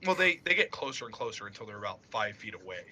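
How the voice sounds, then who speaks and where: A man narrating a tabletop game as game master, animated and often laughing. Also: lowish voice, fast, slight background noise.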